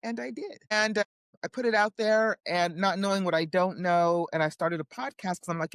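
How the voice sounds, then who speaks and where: Animated woman telling her story. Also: medium pitch, normal speed, no room sound, studio quality. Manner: animated, acts out quoted voices, frequent "right?". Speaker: guest, indie author and publisher. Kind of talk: casual storytelling in an interview.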